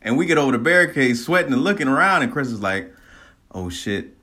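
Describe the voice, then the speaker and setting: A man casually telling a personal story, animated, laughing often and swearing freely. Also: mid-range voice, fast.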